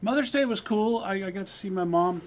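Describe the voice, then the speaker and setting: A man who produces the show, chatting with the host in a low-key, candid way. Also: fairly quick. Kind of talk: casual chat.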